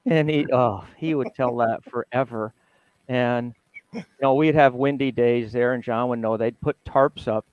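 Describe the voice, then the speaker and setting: A man's voice: medium pitch, dry recording. An older man, a retired athletic trainer, telling stories as an interview guest and often laughing. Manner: animated storyteller, laughs often, mimics others. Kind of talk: casual storytelling interview.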